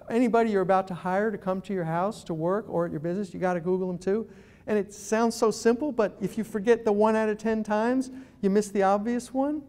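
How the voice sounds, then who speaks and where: Man, middle-aged, high voice, guest speaker, humorous storytelling, acts out voices. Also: darkish tone. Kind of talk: humorous talk to a live audience. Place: meeting room at an ethics chapter event.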